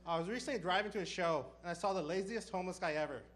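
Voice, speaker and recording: A man doing a stand-up comedy set, telling stories with deadpan punchlines. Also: sits high. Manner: deadpan punchlines, brisk storytelling.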